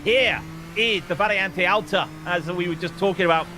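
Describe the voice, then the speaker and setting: A man's voice: sits high, moderate pace, background noise. A man commentating a sim racing broadcast, calling laps and reading out the starting grid with energy. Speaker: lead commentator.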